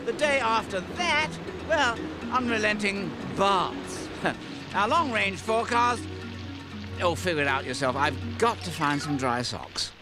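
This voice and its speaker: A man voicing an excitable male TV weatherman, doing a fussy comic forecast in a documentary for kids over background music. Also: high-pitched, measured pace, pitched above the performer's own voice. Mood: flustered. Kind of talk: comic weather report bit. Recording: music playing underneath.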